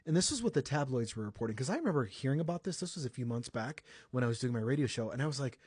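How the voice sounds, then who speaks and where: Young guy hosting a pop culture podcast, chatty and jokey, dry close mic, pretty average pitch. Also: expressive, very fast, a little mellow, breathy edge, no room sound. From United States. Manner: chatty, joking asides, self-correcting. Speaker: podcast host. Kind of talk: casual celebrity news podcast.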